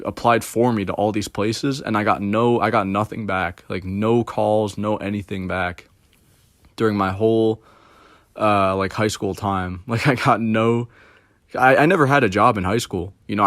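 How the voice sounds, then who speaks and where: Rambling young man with a low voice. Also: steady tone, moderate pace, a bit bright, dry recording, clean studio sound. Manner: rambling, heavy filler words, swearing. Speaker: streamer. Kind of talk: casual storytelling.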